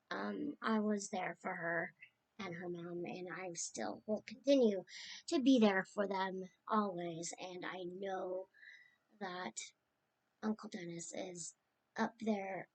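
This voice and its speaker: Slow, rambling woman sharing fond memories. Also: mid-range voice. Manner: rambling and tender, drifting between stories. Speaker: niece sharing memories of her late uncle. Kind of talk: casual spoken remembrance.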